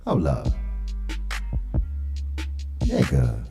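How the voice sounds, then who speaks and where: Deep, laid-back man with hall reverb. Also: animated, extremely slow, warm tone, soft background music. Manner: laid-back, slangy, drawling. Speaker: host. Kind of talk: live reaction commentary.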